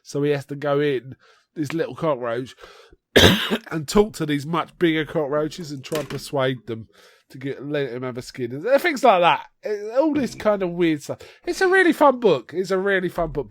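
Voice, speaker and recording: A man with a slightly raised pitch, hosting a podcast in a relaxed, rambling way. He trails off, restarts and chuckles as he explains. His voice is close and dry, with almost no room sound. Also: moderate pace, no echo. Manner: rambling, chatty, laughs while explaining. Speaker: podcast co-host. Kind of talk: casual chat.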